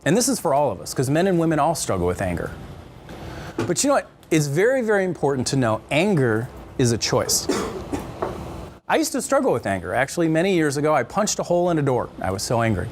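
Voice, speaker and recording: A middle-aged male counselor lecturing a church marriage class with a fairly high voice. His pitch swings widely as he jokes and acts out little voices, and a faint hiss sits behind him. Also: fast. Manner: animated and joking, acts out quotes in voices. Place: church classroom with a live group.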